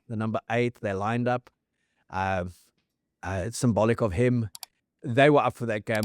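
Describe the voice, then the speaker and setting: A man's voice: fairly low pitch, dry recording, studio quality. A man hosting a casual rugby chat, telling the story at length and reeling off scores and dates. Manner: fact-heavy storyteller, reels off scores and dates. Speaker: rugby podcast host.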